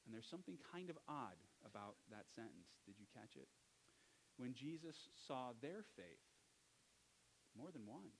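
A man's voice: medium pitch, very animated, moderate pace, slight background noise, poor audio. Conversational male pastor preaching. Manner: conversational, with restarts and self-corrections. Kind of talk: sermon.

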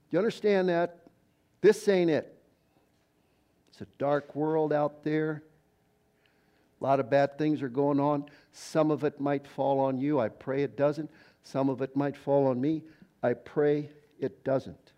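Retired male pastor, folksy storytelling sermon, warm and a touch high-pitched. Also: a little slow, dull audio. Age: older. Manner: conversational storytelling preacher, quoting others in voices.

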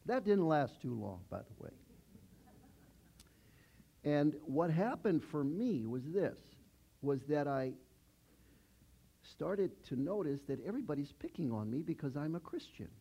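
A man's voice: fairly high pitch, sing-song, measured pace, creaky, long pauses, mellow, slightly rough. A man in his sixties preaching a conversational sermon, chatty, asking the congregation questions. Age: 60s.

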